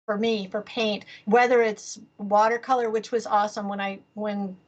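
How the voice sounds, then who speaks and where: A woman's voice: medium pitch, flat delivery, normal speed, muffled recording. A woman artist being interviewed on a podcast, talking casually with many fillers and easy laughter. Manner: rambling, lots of fillers and restarts, laughs easily. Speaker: guest artist.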